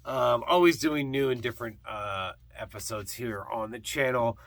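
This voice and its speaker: In a gravelly medium-pitched voice at a moderate pace, this vlogger of partly Scottish heritage chats casually about records from thrift stores. His talk wanders, packed with fillers like um and uh and frequent restarts.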